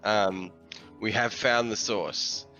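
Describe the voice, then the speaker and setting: Deep, slow, hesitant man at a game. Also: steady tone, pushed and bright, lo-fi sound, soft background music. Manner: hesitant, polite, many ums. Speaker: player. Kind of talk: tabletop game play, casual chat.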